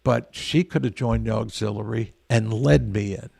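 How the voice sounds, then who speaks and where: A man's voice: lowish voice, normal speed, vocal fry, a little mellow, no echo. An older man, a veteran guest, telling stories in a rambling, earnest way with frequent restarts. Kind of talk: casual storytelling interview.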